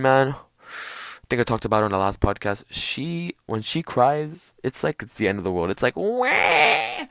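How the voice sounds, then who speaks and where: Young male podcast host, low voice, dry close-miked bedroom recording, casual swearing rant. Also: no echo. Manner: profane, animated, jumps to loud squeaky mock voices. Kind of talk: casual ranting monologue.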